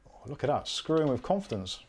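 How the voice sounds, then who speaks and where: Very animated and quick, a British man narrates his live PC build, chatting, thinking out loud and mocking himself. His voice is medium-pitched and slightly mellow.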